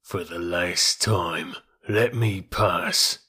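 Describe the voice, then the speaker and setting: A man voicing a desperate, enraged blackmailer in an audiobook, slow and defiant in his speech. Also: deep voice, pushed and bright, breathy edge, voice pushed down, exaggerated voice. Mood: threatening. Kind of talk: audiobook character reading.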